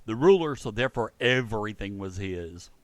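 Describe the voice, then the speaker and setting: A man's voice: lowish voice, lively intonation, moderate pace. A man co-hosting a podcast in casual chat, joking with playful asides. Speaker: podcast co-host.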